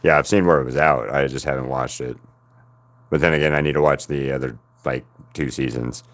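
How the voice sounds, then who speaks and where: An American man with an extremely deep, low voice chats casually with his viewers while he draws. He rambles from one thought to the next and breaks into laughter often. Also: steady tone, brisk. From United States. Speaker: artist streaming to chat. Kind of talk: casual chat while drawing.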